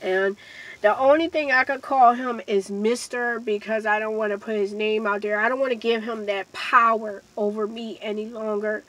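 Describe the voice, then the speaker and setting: A woman's voice: fairly high pitch, steady tone, moderate pace, a bit bright, poor audio. A woman vlogger earnestly telling a personal story to her viewers, speaking emphatically and addressing them directly. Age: adult with a child. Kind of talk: emotional storytime monologue.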